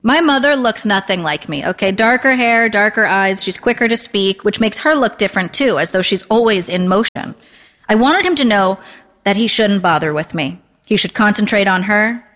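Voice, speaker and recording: A woman in her thirties reads a literary first-person story in a dry, deadpan, understated way. Her voice sits at an ordinary middle pitch, and a long reverb rings out after every phrase. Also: moderate pace. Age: 30s. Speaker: narrator.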